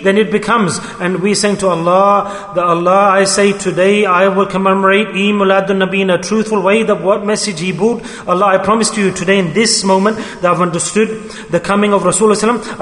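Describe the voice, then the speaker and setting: A high-voiced man delivers an emphatic sermon, repeating his points and calling out to the congregation. His voice rings through a large hall with a long, roomy reverb. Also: a bit bright. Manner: emphatic, repeating phrases, addressing the congregation directly. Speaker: preacher. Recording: echoey hall.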